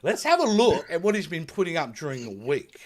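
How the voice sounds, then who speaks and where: An Australian man co-hosting a casual podcast, delivering jokes in a deadpan, mock-serious way. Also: on the high side, brisk. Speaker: podcast co-host. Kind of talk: casual chat.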